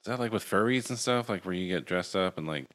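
Low-voiced podcast co-host. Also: male voice, brisk, fairly bright tone. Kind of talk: casual podcast chat.

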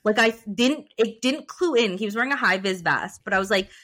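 A woman in her thirties, a podcast co-host from Canada, chatting casually, blunt and animated, swearing freely as she tells stories. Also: medium pitch, fairly quick. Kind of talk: casual chat.

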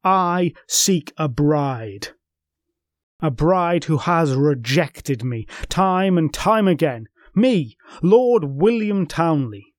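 Arrogant noble suitor, voiced by a male storyteller, measured and proud. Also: a little high, expressive, no room sound, clean studio sound. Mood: demanding. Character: arrogant young lord, proud and persistent.

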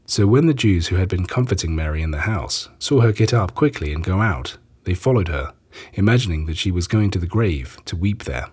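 Brief: a male scripture reader, low and polished, measured. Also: slightly rough. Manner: measured, even narration. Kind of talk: scripture reading.

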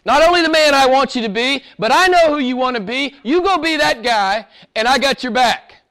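A male pastor preaching a sermon, swinging between loud exhortation and hushed whispers, with laughs between points. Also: very high voice, a little fast.

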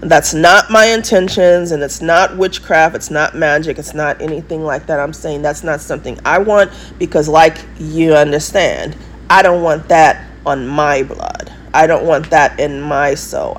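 A woman's voice: deep voice, normal speed, a little hiss or hum. A woman with an English accent talks in a rambling monologue to her viewers, emphatic and repeating herself for stress. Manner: emphatic, repetitive, insistent. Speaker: vlogger.

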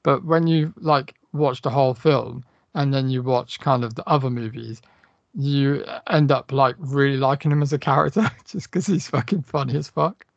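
Gravelly man swearing through film talk. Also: mid-range voice, normal speed, no echo, lo-fi sound. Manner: animated, swearing, retelling film scenes with quoted lines. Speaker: podcast co-host. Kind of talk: casual chat.

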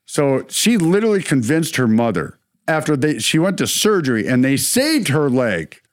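Animated man telling a story, dry close mic. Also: a little high, normal speed, dry recording. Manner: animated storyteller, laughs often. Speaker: co-host. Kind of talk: casual chat.

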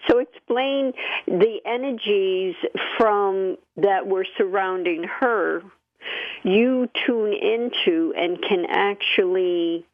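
A woman's voice: mid-range voice, takes it slowly, dry recording. A woman host asking questions and giving short encouraging replies. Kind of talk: interview on a phone line. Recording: tinny dry phone line.

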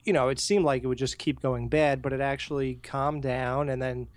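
A man co-hosting a podcast, telling stories in a casual, animated way and swearing freely. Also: medium pitch, moderate pace, dry recording. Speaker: podcast co-host. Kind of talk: casual profane chat.

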